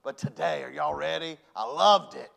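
A pastor preaching a folksy sermon, dropping to soft asides and then rising to near-shouts. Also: male voice, a little high, normal speed, vocal fry.

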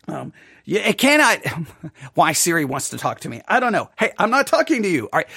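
High-voiced man teaching Bible study. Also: a bit bright, no echo, clean studio sound. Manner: conversational, asks listeners "right?" often.

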